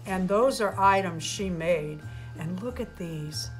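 A woman hosts a doll channel, talking slowly and unhurriedly as she unwraps presents and exclaims over each one. Her voice sits at an ordinary pitch and rings in a roomy, echoing space, with faint music underneath. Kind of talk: casual unboxing chat.

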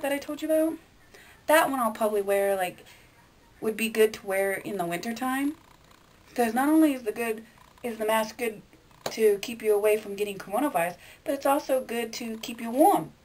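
Blunt rambling woman vlogger, slightly high. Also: a little mellow. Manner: blunt, swears freely, rambling; chatty, addresses viewers directly. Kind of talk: casual chat to camera.

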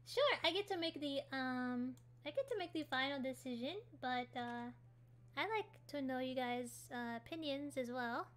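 A woman's voice: high-pitched, moderate pace, fairly bright tone. A woman hosting a casual gaming livestream, chatty and giggly, answering her chat while she builds. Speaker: livestream host.

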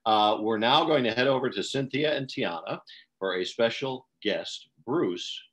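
A man's voice: mid-range voice, lively intonation, unhurried, fairly bright tone, low-quality recording. An older man emceeing a virtual gala, telling wry jokes in easy banter over a video call. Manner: wry joke-teller. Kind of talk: joking banter.

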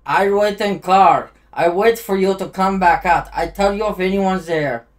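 A brash, chummy cousin out of a crime video game, put on by a man in a put-on Eastern European accent and broken English. He boasts in a raised, slightly higher voice than a plain speaking voice. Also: a little slow. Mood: eager.

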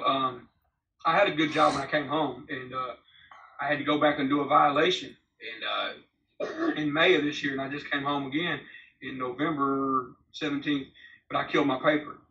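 A man's voice: on the high side, pushed and bright. A man in his forties, a former prisoner, telling his story in a blunt, profane, rambling way in a candid interview. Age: 40s. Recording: roomy, distant, slightly dull remote audio.

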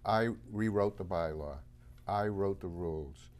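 A Massachusetts man with a Boston accent, running for town moderator, appears on a local talk show. His low, slightly slow and mellow voice lays out his points one by one, emphatic and self-assured.

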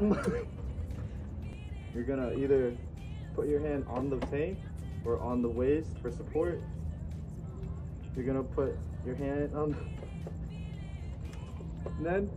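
A man's voice: medium pitch, expressive, measured pace, pauses often. A man giving playful, teasing how-to instructions about riding as a passenger on a motorcycle. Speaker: biker vlogger. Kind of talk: casual how-to talk. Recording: music playing clearly behind the voice.

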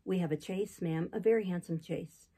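A woman's voice: fairly low pitch, normal speed, dark tone, slightly rough, low-quality recording. A woman reader voicing a talkative, gossipy older male innkeeper who tells a long tale in a rambling, chatty way, for a classic novel audiobook.

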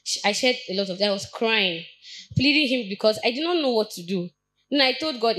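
A young adult woman with a Nigerian accent gives a personal testimony at a church Bible study, speaking earnestly but haltingly and often restarting her sentences. Her voice is fairly high-pitched, expressive and a bit bright, and the audio quality is poor.

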